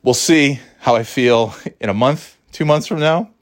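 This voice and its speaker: A man's voice: mid-range voice, unhurried. A man in his thirties telling a story in a casual podcast chat, rambling with restarts, swearing and laughing at his own jokes. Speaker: podcast host.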